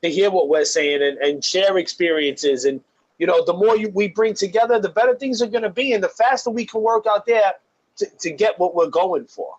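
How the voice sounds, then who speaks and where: A man's voice: high-pitched, fairly quick. A man co-hosting a radio talk show, speaking earnestly and hopefully. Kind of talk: casual talk-show chat. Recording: dull, lo-fi audio.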